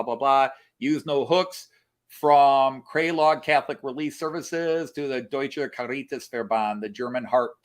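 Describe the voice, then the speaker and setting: A man co-hosting a casual live stream, explaining and thinking aloud with many fillers. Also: mid-range voice. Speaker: co-host of a model railroad live stream.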